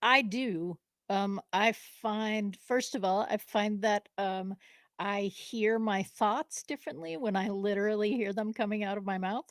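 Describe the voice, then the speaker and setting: A woman's voice: mid-range voice, dry recording. A woman from New England chats live as a co-host, stopping and restarting often, with ums and easy laughter. Her voice sits mid-range and sounds dry and close. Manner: halting, many fillers, frequent laughs. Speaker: podcast co-host. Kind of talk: live casual conversation.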